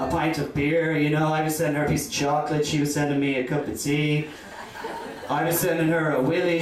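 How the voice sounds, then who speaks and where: A man with an Irish accent doing a rambling stand-up routine full of "you know" asides. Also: on the high side. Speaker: stand-up comedian. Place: comedy club stage. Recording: echoey club from a distant mic.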